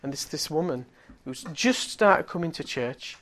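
A middle-aged man preaching, telling a healing story with animated swings from hushed tones to loud exclaiming. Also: on the high side, moderate pace. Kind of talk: storytelling sermon.

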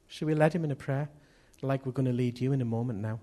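A man's voice: mid-range voice, fast, dark tone. A man preaching a sermon in an earnest manner, often repeating key phrases.

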